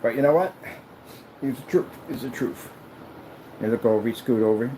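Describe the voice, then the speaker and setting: A man's voice: medium pitch, normal speed, mellow, a little hiss or hum, poor audio. A man who makes screens and rants while he works, talking in a boastful, rambling, mocking way. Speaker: screen maker. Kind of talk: ranting vlog while working.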